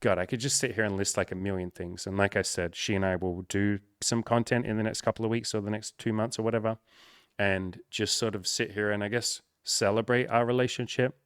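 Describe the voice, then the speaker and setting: Young man, low smooth voice, candid and emotional, swears a lot, close to tears, dry close sound. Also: fairly even intonation, a little fast, no room sound. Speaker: coach and content creator. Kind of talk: emotional personal talk to camera.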